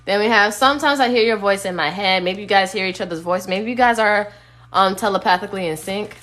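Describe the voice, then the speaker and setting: A woman's voice: mid-range voice, brisk, fairly bright tone, a little hiss or hum. A woman giving a casual, blunt tarot reading on a phone live stream, sometimes singing bits of songs. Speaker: tarot reader.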